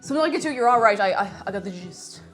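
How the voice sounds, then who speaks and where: A woman chatting bubbly and excitably on a livestream while cooking, now and then breaking into shouted cheers. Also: medium pitch, fast talker, faint music behind. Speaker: streamer.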